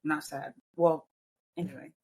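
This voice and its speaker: A woman's voice: low-pitched, a little slow, a little hiss or hum. Blunt storytelling woman co-host. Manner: storytelling, blunt, rises into excited quoted asides. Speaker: podcast co-host. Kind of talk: casual chat.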